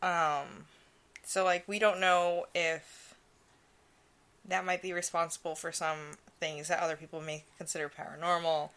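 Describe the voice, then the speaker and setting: A woman's voice: on the low side, level tone, a little slow, fairly bright tone. A young woman co-hosting a casual podcast, rambling through stories with lots of "like" and frequent laughs. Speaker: podcast co-host.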